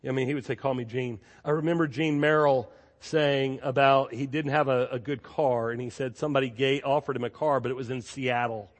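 A male pastor delivers a sermon in a lively storytelling manner, leaning on repeated phrases for emphasis. His voice sits at an ordinary mid pitch for a man. It rings out with the long reverb of a large church. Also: a little fast, hardly any pauses. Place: church sanctuary.

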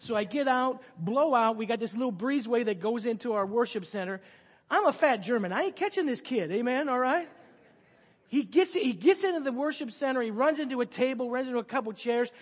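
A middle-aged male pastor telling a story in a sermon, swinging from loud excited storytelling to soft hushed tones. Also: extremely high pitch, a little fast, breathy edge. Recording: long hall reverb.

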